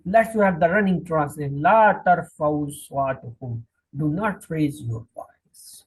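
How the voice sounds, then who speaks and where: A man teaching a classroom Quran lesson, drilling each word slowly and repeating the meanings. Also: fairly high pitch, breathy edge, poor audio. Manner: slow, repetitive, drilling word by word.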